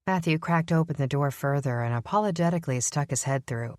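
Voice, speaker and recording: A woman narrating an audiobook in an even, measured reading. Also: low-pitched, dry recording, clean studio sound. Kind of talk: scripted narration.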